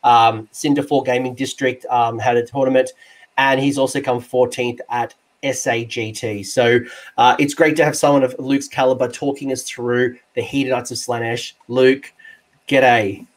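A man with an Australian accent hosting a casual interview, joking and excitable, quick to banter. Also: medium pitch. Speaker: podcast host and game coach. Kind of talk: casual video-call interview.

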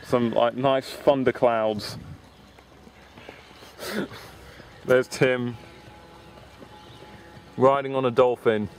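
A man's voice: mid-range voice, steady tone, extremely slow, pauses often, a little hiss or hum. A man chatting casually and joking with plenty of swearing while filming a friend at an outdoor pool on a handheld camera. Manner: joking, swearing, laughing often. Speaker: vlogger filming a friend on an inflatable. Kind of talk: casual chat. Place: outdoor swimming baths. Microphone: handheld camera mic.

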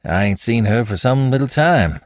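A man's voice: mid-range voice, lively intonation, moderate pace, dry recording, voice pushed up, close to an everyday voice. A man voicing a timid, anxious rural wife who answers in a faltering, trembling voice.

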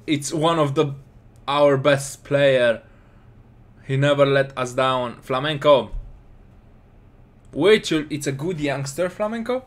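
A man with casually commentating his football game, excitable and scolding his players. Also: medium pitch, takes it slowly, pauses often. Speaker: gaming commentator.

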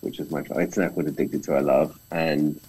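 Deep husky British man. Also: brisk, low-quality recording. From Britain. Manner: animated storyteller, acts out quotes. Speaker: film director guest. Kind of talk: casual storytelling conversation.

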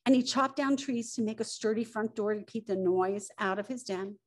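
A middle-aged woman, the author, reading her picture book aloud with expressive storytelling. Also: mid-range voice, moderate pace. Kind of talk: children's story read-aloud.

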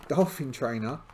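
Slow, hesitant man narrating a solo RPG. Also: mid-range voice, warm tone, slight background noise. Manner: hesitant, full of fillers and restarts. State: tired. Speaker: solo tabletop game player.

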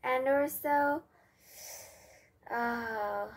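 A woman with a Korean first language reads a picture book aloud in English, very slowly and carefully. Her voice is breathy and a little high, and she stops to restart words and chat about the story. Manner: slow, careful, with slips and restarts. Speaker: reader.

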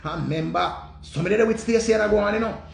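A man with a Jamaican accent telling a story in an animated, profane rant and repeating his phrases. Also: sits high, racing, vocal fry, roomy sound. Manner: repetitive, profane, dramatic retelling. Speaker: vlogger.

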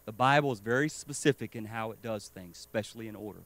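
A man preaching a sermon with urgent emphasis, swinging between loud stresses and quiet asides. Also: on the low side, fast. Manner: urgent and emphatic, rising and falling in loudness.

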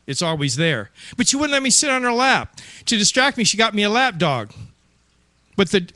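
A man's voice: very high voice, big pitch swings, a little fast, pushed and bright, no room sound. A man from Ohio doing stand-up one-liners, corny and laughing at his own jokes. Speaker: stand-up comedian.

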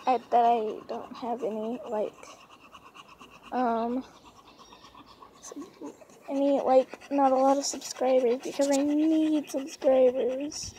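High-voiced, hesitant woman vlogger. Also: fairly even intonation, slow, pauses often, warm tone, a little hiss or hum. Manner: hesitant, rambling, pleading. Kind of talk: casual rambling vlog. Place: outdoors on a lounge chair.

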